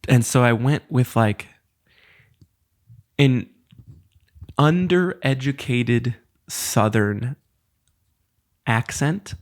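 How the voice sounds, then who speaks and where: A man's voice: medium pitch, drawn-out words, long pauses. A man around thirty hosting a casual solo podcast, rambling and self-deprecating in a loose, conversational way. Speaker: podcast host.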